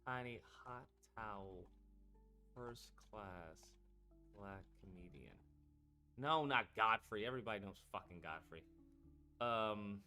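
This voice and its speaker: A man's voice: lowish voice, animated, takes it slowly, pauses often, bright, forceful tone, clean tone, soft background music. A man hosting a casual live stream, rambling and swearing as he talks to his chat. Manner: rambling and profane, talking to chat. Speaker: streamer host.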